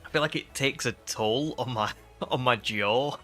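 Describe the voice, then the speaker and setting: Bright-voiced chatty male streamer. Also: mid-range voice, a little slow, faint music behind. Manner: self-deprecating, chatty. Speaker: game streamer. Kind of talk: casual live-stream chat.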